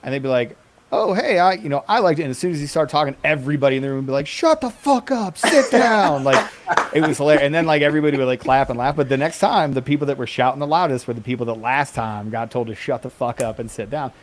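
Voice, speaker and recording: A man's voice: medium pitch, fairly even intonation. A man in his forties on a panel, joking and swearing in casual chat. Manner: fast, profane, joking.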